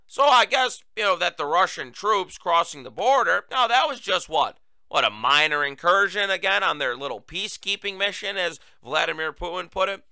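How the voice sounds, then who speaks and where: Sarcastic male talk host, a bit high, crisp smooth voice, dry studio sound. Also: bright, forceful tone, dry recording. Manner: sarcastic, emphatic, mocking. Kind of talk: political commentary.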